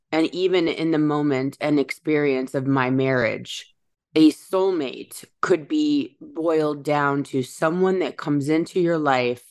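A woman with a strikingly deep voice talks through spiritual ideas in a relaxed podcast chat. She muses aloud and slows down to stress the words that matter. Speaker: podcast host.

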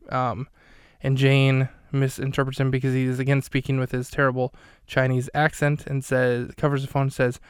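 A man's voice: medium pitch, completely flat delivery, normal speed, clear, resonant tone, no echo. A man hosting a podcast who recaps a film with wry, dry, self-deprecating humor. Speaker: podcast host. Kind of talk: comedic recap commentary.

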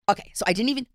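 Middle-aged woman, casual storytelling, lowish pitch, dry studio sound. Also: dry recording. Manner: animated storyteller, acts out quoted lines. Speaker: reality TV personality, guest. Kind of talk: casual chat, personal storytelling.

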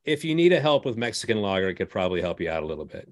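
A man's voice: lowish voice, very animated, rapid-fire, no room sound. A man hosting a casual podcast interview, adding friendly joking asides. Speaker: podcast host, brewer.

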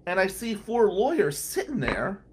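A man's voice: high voice, normal speed, noisy background. A man telling courthouse stories as a regular on a radio talk show, acting out the people he quotes. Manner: animated anecdotal storyteller, acts out quotes.

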